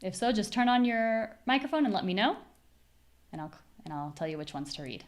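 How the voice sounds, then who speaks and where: A young woman with an American accent leads a live online pronunciation lesson. She explains word stress plainly and demonstrates each syllable with careful, deliberate repetition. Her voice sits at a middling pitch. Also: sing-song. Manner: clear, demonstrative, repeats syllables slowly for drills. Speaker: pronunciation teacher.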